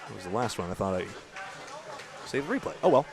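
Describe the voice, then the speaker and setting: A man's voice: lowish voice, very animated, brisk, gravelly, noisy background. A man giving live bowling commentary, chatty and self-deprecating, with asides between frames.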